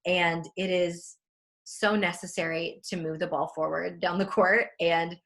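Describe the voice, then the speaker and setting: Woman, interviewer, earnest, measured, fillers, lowish pitch. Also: fairly even intonation, fairly bright tone. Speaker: interviewer, author. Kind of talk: conversational interview.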